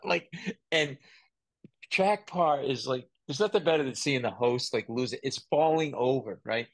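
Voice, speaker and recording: A man hosting a podcast, telling lively stories in casual chat, laughing often and mimicking voices. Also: medium pitch, normal speed, creaky, no echo. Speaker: podcast host.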